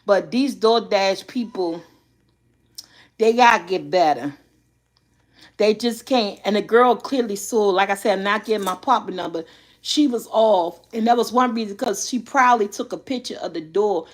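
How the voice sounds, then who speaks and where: A middle-aged woman vlogger telling a story in a casual chat, animated and often laughing. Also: medium pitch, normal speed.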